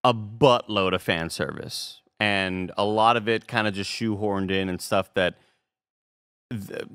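A man's voice: on the low side, steady tone, measured pace, fairly bright tone, clear, resonant tone, dry recording, studio quality. A man co-hosting a casual movie review podcast, rambling in a laid-back way and swearing casually. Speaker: podcast co-host.

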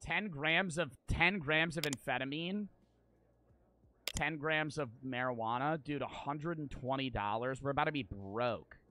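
A young man streaming a game with a bright, forceful voice that sits a little high. He swears and jokes with his chat as he plays, over faint background hiss. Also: a little slow. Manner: loud, swearing, talks to chat, laughs often. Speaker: gaming streamer. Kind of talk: casual let's-play commentary.

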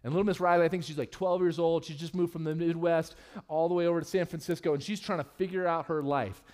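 Candid, joking male pastor preaching. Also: fast talker. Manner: candid and humorous, with lively swings in pitch and loudness. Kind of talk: sermon. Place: church sanctuary.

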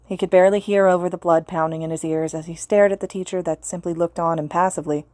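Low-voiced woman reading a story. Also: steady tone, quick pace, a little mellow, no room sound. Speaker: podfic reader. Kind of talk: audiobook narration of fan fiction.

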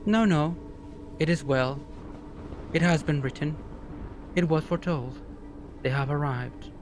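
A man voicing a calm, tranquil divine being who speaks in a measured, solemn way in a tabletop game. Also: on the high side, background noise, lightly acted.

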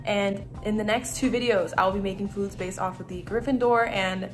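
A young woman making candied grapes in a casual cooking vlog, nervous and excited, laughing often and filling her talk with "like". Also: mid-range voice, normal speed. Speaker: food vlogger.

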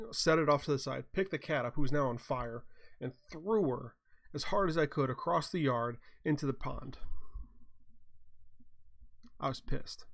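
A man's voice: medium pitch, gravelly. A tired man hosting a casual chat, telling rambling stories with a wry, self-mocking humor. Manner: rambling, wry, chuckles at his own mishaps. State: tired, yawning. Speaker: blacksmith hosting a chat show. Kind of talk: casual storytelling.

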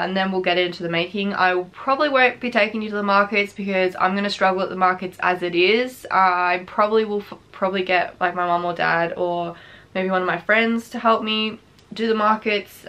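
A woman's voice: medium pitch, fairly bright tone. Breathless chatty woman vlogger. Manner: chatty, rambling, laughs often. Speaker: craft vlogger. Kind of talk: casual chat to camera.

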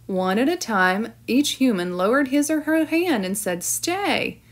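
A woman teacher reading a storybook aloud with clear, expressive narration. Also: fairly high pitch, normal speed.

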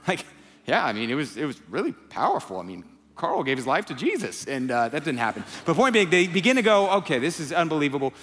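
A man's voice: fairly high pitch, big pitch swings, quick pace, husky. A young adult man preaching a sermon in a conversational way, acting out the quotes he tells. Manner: conversational, acts out quotes, builds to impassioned near-shouting. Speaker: pastor. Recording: long hall reverb, soft music behind.

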